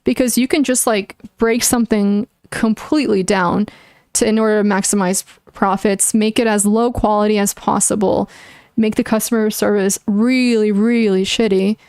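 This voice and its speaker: A young woman chats on a livestream, mid-pitched and plainly earnest as she works through her opinions out loud. She hedges with likes and restarts her sentences. The sound is close and dry, with no room around it. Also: fairly even intonation, normal speed, smooth, no room sound. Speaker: streamer. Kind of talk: casual livestream chat answering viewers.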